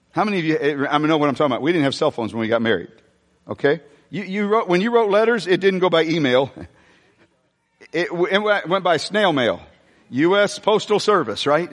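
A middle-aged man preaching a sermon in a church, animated and jokey, with sudden shouts. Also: on the high side, big-room sound. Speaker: pastor. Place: church hall.

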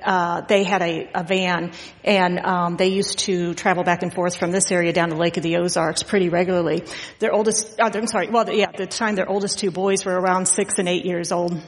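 A middle-aged woman giving an informal Father's Day sermon as guest preacher, chatty and full of fillers as she tells family stories. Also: on the low side. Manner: chatty and storytelling, frequent fillers and laughs. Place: church sanctuary. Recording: long reverb of a church hall.

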